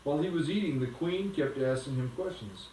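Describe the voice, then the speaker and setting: A man reading a storybook aloud to a child at home, in a gentle, unhurried way. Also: fairly high pitch, lively intonation, slight background noise. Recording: echoey room from a distance.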